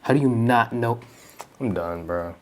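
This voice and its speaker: A man tossing off casual, slangy, joking remarks while he plays through a video game. He speaks at a middle pitch. Game music runs quietly beneath him. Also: a little slow. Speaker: gamer commentating a playthrough. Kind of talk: casual let's-play reactions.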